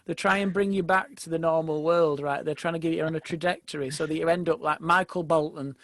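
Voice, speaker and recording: Male comedian guest, higher voice, rambling comic anecdotes, close dry mic. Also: steady tone, fairly bright tone, no room sound. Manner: rambling anecdotes with laughs and quick impressions. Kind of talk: casual podcast chat, comic storytelling.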